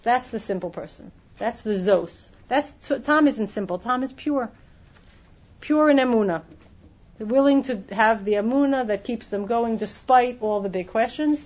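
A woman teaching a Torah class, her voice sitting a bit high. She explains step by step and often restarts her sentences. The recording is dull and lo-fi. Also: moderate pace, darkish tone. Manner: explanatory, many restarts, acts out quoted voices.

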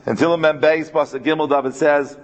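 Man, Torah class lecture, earnest, slightly high voice, slow stress on verses, muffled lo-fi recording. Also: fairly even intonation. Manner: earnest, mixes Hebrew terms into English; slows right down to stress key verses. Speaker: Torah teacher.

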